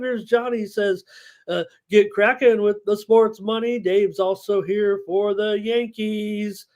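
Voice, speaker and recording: A man's voice: high-pitched, takes it slowly, a little mellow. A man hosting a live sports betting stream, talking casually with frequent fillers and reading viewer chat aloud. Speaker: sports betting show host.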